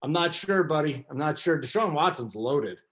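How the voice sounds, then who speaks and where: A podcast host from the Denver area, whose voice is on the high side at a moderate pace, runs a casual sports betting show. Lively and teasing, he ribs his co-hosts while steering the conversation.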